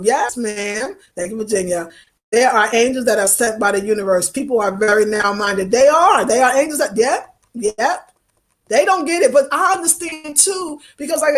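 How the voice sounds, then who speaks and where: A woman in her fifties chatting casually with viewers of her live stream, expressive and emotional, reading comments aloud and sounding tired from travel. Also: on the high side. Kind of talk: casual livestream chat.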